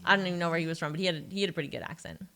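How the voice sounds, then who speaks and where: A woman's voice: fairly low pitch, rapid-fire, very noisy. A young woman from Calgary, co-hosting a casual chat, swearing freely and laughing through her stories. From Calgary, Canada. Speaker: podcast co-host.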